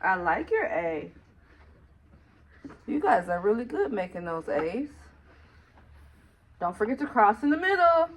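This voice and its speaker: A woman's voice: medium pitch, big pitch swings, a little slow, long pauses, a little hiss or hum. A woman teaching letters to her young child, patient and sing-song, sounding out each letter. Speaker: special education teacher and mother.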